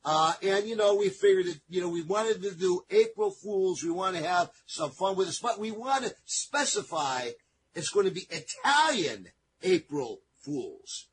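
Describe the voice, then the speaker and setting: A man's voice: sits high, expressive, unhurried, slight background noise. A man hosting a radio show in a studio, chatting casually and rambling with lots of fillers and repeats.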